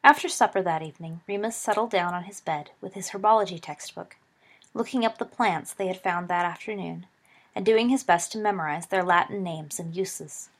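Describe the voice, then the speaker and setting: A woman narrating a story aloud in a steady audiobook reading, giving the characters voices. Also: on the low side, normal speed.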